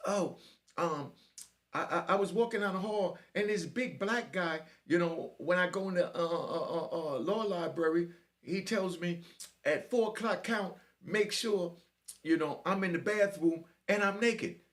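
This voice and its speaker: A man voicing a nervous, chubby young male inmate with a squeaky, stammering voice. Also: measured pace, a bit bright. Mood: timid. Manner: stammering, timid.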